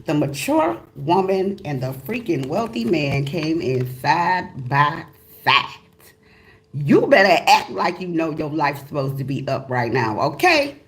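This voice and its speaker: A woman giving a casual, motivational tarot reading as host of her channel, talking emphatically with slang, repeated phrases and excited exclamations. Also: low-pitched, measured pace. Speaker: tarot reader.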